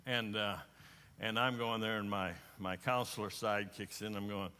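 Middle-aged man, pastor, folksy sermon, repeats words, bright tone, long hall echo. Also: fairly low pitch, fairly even intonation, moderate pace, smooth. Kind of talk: sermon with personal storytelling.

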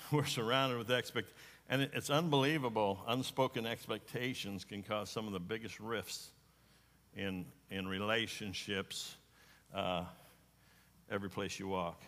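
A middle-aged male pastor preaches in a folksy, homespun way, often doubling his words as he goes. His voice is bright and forceful. It rings with long reverb through a large church hall. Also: on the low side, fairly even intonation, unhurried. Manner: folksy, repeats words as he talks. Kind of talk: sermon with personal storytelling.

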